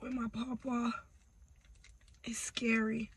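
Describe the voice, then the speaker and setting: A woman vlogger talking through tears in an emotional personal vlog. She speaks haltingly, breaks off mid-sentence and drops to near-whispers. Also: fairly high pitch, little pitch movement, husky. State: tearful.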